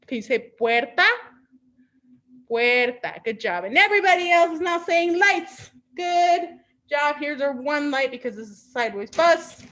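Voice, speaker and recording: A woman's voice: high voice, lively intonation, measured pace, a bit bright. A woman leading an online children's storytime as a librarian, talking in an upbeat, patient, teacher-like way and dropping in Spanish words. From Mexico.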